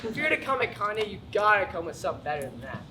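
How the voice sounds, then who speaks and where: A young American man doing a stand-up comedy set, telling stories with animated, panicky acted-out moments. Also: high voice, very fast, slight background noise. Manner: animated storytelling, acts out panic. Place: school auditorium with live audience.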